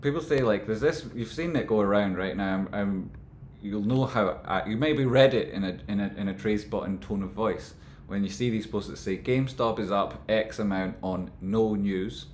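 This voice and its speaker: A man rambling through casual stock market commentary, with animated, exasperated rants. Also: fairly low pitch, a little fast, few pauses, reverberant, slight background noise.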